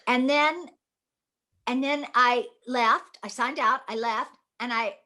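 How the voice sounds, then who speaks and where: Woman, high voice, bright tone, animated storyteller, interview guest, middle-aged. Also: slow. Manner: animated storyteller acting out her past self. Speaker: guest actress.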